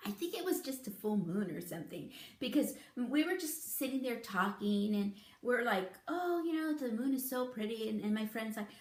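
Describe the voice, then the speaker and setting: A woman's voice: on the high side, normal speed, hardly any pauses, reverberant. A woman in her fifties, telling stories to camera in a chatty, giggly way. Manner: chatty, giggly, animated storytelling. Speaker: beauty vlogger. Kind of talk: casual storytelling to camera.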